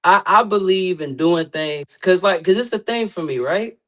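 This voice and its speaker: Brief: male guest with a very high voice, cocky smack talk, podcast banter. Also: normal speed, sharp tone. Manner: boastful, trash-talking. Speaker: guest competitor.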